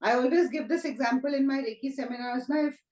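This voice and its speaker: A woman, a Reiki teacher speaking gently and reflectively in a conversational talk, often asking rhetorical questions. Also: sits high, quick pace, reverberant, rough recording. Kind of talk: conversational talk on self-help.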